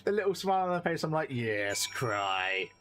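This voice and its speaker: A man streaming a video game, chatting excitedly and laughing as he plays. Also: sits high, racing, faint music behind. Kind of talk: live game-stream commentary.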